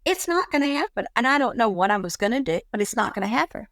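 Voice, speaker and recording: Animated woman telling a workplace story. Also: on the high side, quick pace, no room sound. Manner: animated, acts out quoted dialogue. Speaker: guest. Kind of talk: casual storytelling chat.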